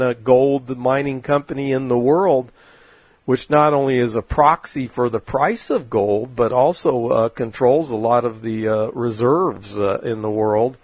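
A man's voice: medium pitch, a little mellow, no echo. A man hosting an investment talk show, giving casual market commentary in a rambling, folksy way with many fillers.

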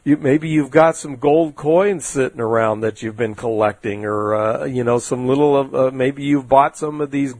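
A man's voice: mid-range voice, steady tone, normal speed, few pauses, a little mellow, no room sound. A man hosting an investment talk show, giving casual market commentary in a rambling, folksy way with many fillers.

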